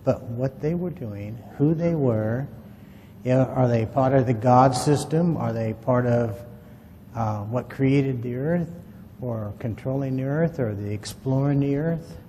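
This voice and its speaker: Mellow-voiced man telling a rambling tale. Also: mid-range voice, unhurried, long reverb tail, a little hiss or hum. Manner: rambling, folksy anecdotal telling. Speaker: UFO witness telling his story. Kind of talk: casual spoken storytelling to a group.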